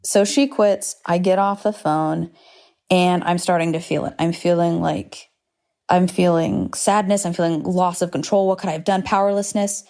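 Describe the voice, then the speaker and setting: This woman's voice sits on the low side, gravelly and darkish, steady at a normal speed. In her thirties, she hosts a candid solo podcast from home with planes overhead, rambling frankly, swearing, and poking fun at herself.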